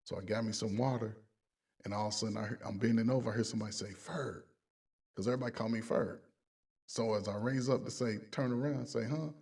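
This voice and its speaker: Gravelly storytelling man. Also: fairly low pitch, fast, recorded from a distance. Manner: animated, acts out voices and sound effects. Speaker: coach telling army stories. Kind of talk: casual storytelling.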